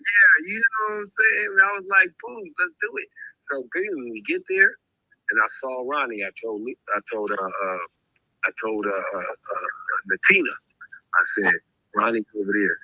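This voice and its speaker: Hosting a show, a man tells an animated, casual story and voices the various people in it himself. His pitch is medium and his speed normal, and the audio has no echo but its highs are cut off.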